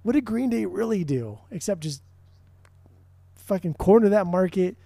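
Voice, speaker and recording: A man's voice: high-pitched, lively intonation, normal speed, gravelly, warm tone, no room sound. A man co-hosting a podcast in casual music chat, rambling, swearing often and restarting his sentences. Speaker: podcast co-host.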